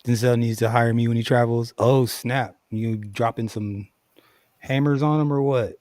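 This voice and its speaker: Streamer type: man mid-pitch, laughs a lot, mutters asides, dry close sound. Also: steady tone, moderate pace, darkish tone, dry recording. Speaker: streamer reacting to clips. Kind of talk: casual reaction commentary.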